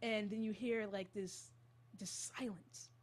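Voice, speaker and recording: A young woman hosting a college radio show, retelling a creepy story in a casual, animated and jittery way. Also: medium pitch, slow pace, crowd noise.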